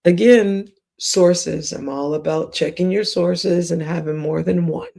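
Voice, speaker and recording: Slow gravelly woman streamer, gossipy. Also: fairly low pitch, warm tone. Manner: gossipy, rambling, with whispered asides. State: voice cracking. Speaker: livestreamer. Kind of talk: late-night livestream commentary.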